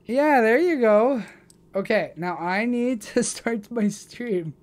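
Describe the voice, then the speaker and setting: A woman's voice: on the high side, lively intonation, slow pace, darkish tone. A nineteen-year-old woman streaming, chatting casually and affectionately with her audience and partner. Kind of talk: casual livestream chat.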